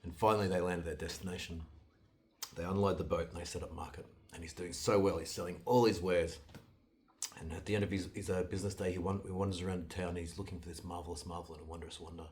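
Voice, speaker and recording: A man telling a fairytale in a loose, conversational way, with restarts and sudden jumps in loudness. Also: low-pitched, quick pace. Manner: loose retelling with restarts, lively swings in loudness. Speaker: storyteller. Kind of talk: casual fairytale storytelling.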